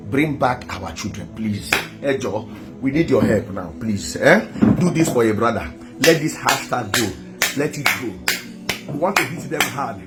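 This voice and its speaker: A Nigerian man making an impassioned online appeal to viewers, pleading and repeating himself with emphasis. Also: mid-range voice. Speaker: activist addressing viewers.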